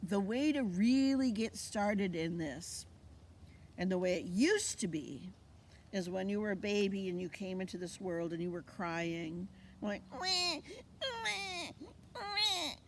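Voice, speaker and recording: Out on a fall plant walk, an Indigenous cultural teacher gives an informal teaching talk, telling stories with animation and performing the voices of the people she quotes. Her voice sits on the low side with a darkish tone, and she speaks a little slowly. There's slight background noise.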